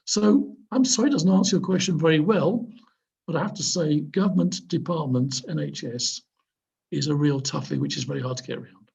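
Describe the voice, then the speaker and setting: A man mentoring on a video call, giving emphatic career advice in a husky voice. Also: on the high side, a little fast, darkish tone. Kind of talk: advice in an online mentoring session. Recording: dull video call audio.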